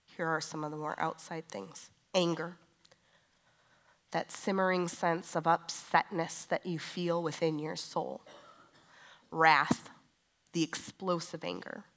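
Conversational woman preacher, low-pitched. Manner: conversational, moves from quiet confessional to emphatic. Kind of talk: sermon.

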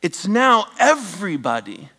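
Animated preacher man, higher voice. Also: a little slow. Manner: animated, swings from loud emphatic bursts to hushed near-whispers; joking asides to the congregation. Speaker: pastor. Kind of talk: sermon.

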